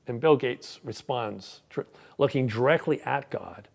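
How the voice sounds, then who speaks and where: Gravelly guy preaching, chatty sermon, stumbles and repeats a lot. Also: medium pitch, measured pace, a little mellow. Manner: conversational, repeats words when starting sentences. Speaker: pastor. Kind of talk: sermon with a joke.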